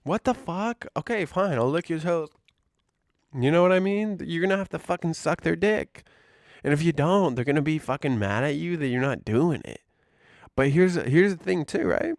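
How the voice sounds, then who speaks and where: A man's voice: on the high side, expressive, moderate pace, creaky, no room sound, clean studio sound. A man vlogger delivering a profane, exasperated rant about his job. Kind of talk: ranting monologue.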